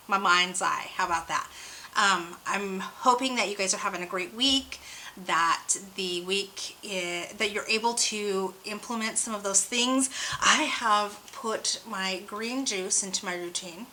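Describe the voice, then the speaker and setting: A woman's voice: medium pitch, bright, forceful tone, a little hiss or hum, rough recording. A young adult woman hosting her own channel, chatting casually and rambling a little in a bubbly, slightly hyper way while she reads oracle cards. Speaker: oracle card reader and channel host.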